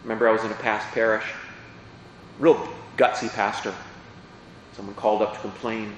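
A man's voice: fairly low pitch, flat delivery, normal speed, pauses often, very echoey, long reverb tail, highs cut off, slight background noise. A man who is a priest, explaining parts of the Mass in a chatty teaching talk and often asking his listeners questions. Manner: chatty, asks the audience questions.

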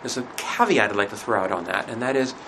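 A man teaching a religion class in a conversational lecture, asking rhetorical questions and often pausing with fillers. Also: lowish voice, pushed and bright, slight background noise, poor audio.

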